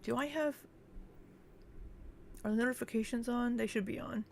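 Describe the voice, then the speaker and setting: A young woman chats with her livestream audience in a relaxed, casual way. She reads out viewer names and thanks them one after another. Her replies come with frequent, easy laughter. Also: a little high, moderate pace, background noise. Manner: laughs often between chat replies. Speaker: livestream host. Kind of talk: casual livestream chat reading.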